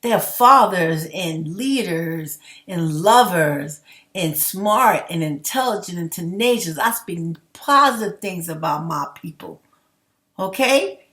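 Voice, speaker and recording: A woman's voice: lowish voice, expressive, slow, fairly bright tone. A young adult woman giving a heated, rambling opinion rant to her viewers, blunt and swearing freely. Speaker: commentary vlogger.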